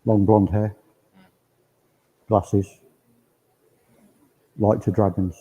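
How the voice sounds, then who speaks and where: A man's voice: lowish voice, flat delivery, extremely slow, breathy edge, dull audio. A man working as a spiritualist medium, relaying spirit messages to the congregation in quoted speech during a service. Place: village hall.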